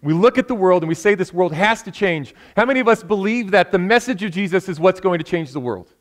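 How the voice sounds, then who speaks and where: A man's voice: high-pitched, animated, fast talker. A man preaching a sermon in a church, telling a story earnestly and building to impassioned appeals, with frequent restarts.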